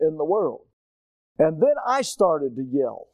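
A middle-aged male preacher telling a personal story in a sermon, animated, moving from quiet asides to loud shouting, his throat strained. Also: on the high side, unhurried, no echo, phone-quality sound.

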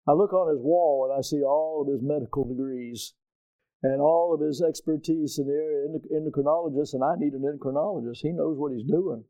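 Emphatic preacher with a mellow tone. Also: male voice, on the high side, a little fast, no room sound, dull audio. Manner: emphatic, asks the congregation questions, surges loud on key points. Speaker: pastor. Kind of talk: preaching a sermon.

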